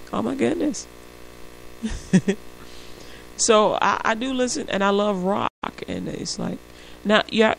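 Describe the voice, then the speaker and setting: A woman hosting a Christian radio show talks in a loose, chatty way and laughs often. Her voice has a gravelly, creaky edge at a middle pitch. She sounds like she is talking straight to her listeners. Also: a little hiss or hum, rough recording. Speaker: radio host. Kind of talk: casual Christian radio talk.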